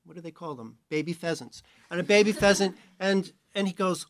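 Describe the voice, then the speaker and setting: Man from New York, Bible teacher, relaxed sermon, joking asides, fairly high voice, dry close sound. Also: brisk, no echo. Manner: chatty, self-mocking asides. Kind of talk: conversational sermon.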